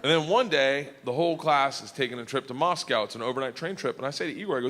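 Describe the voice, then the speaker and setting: A man's voice: medium pitch, very fast, noisy background. A middle-aged man telling a rowdy, profane stand-up story, often laughing through his lines. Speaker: stand-up comedian.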